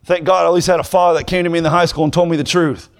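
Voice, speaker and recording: A young man preaching a sermon, moving from plain talk to fervent, shouted preaching. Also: on the high side, steady tone, racing.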